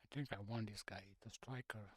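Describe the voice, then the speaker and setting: A man's voice: fairly low pitch, brisk, dry recording. A man streaming a game, chatting casually and half-muttering through menu choices in slightly non-native phrasing. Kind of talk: casual gameplay commentary.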